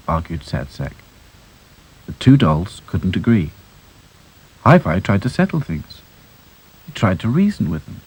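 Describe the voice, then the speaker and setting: A man narrating a children's story in a gentle, unhurried way. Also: low voice, sing-song, slightly rough, low-quality recording.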